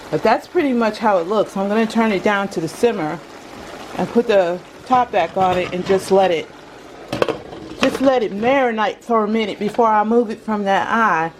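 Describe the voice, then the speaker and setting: A woman's voice: medium pitch, slight background noise, low-quality recording. A woman chatting casually to viewers while she cooks in her home kitchen. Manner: chatty, talks straight to viewers. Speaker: vlogger. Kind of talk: casual cooking vlog chat. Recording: home video with loud music behind.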